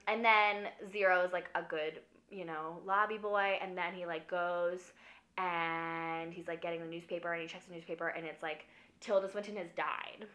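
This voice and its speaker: A woman's voice: lowish voice, steady tone, moderate pace, bright, forceful tone. A drunk young woman rambling through a comic movie recap, filling every phrase with "like". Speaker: film recapper.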